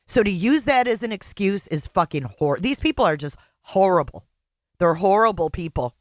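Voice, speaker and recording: A woman's voice: mid-range voice, animated, normal speed, no echo, studio quality. A woman host reacting to a clip with blunt, angry commentary and heavy swearing.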